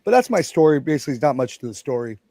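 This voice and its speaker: A man's voice: a little high, big pitch swings, very fast, warm tone, slight background noise. A man in his forties, a guest on a stream, telling his story casually in a blunt, self-mocking way. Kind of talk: casual chat.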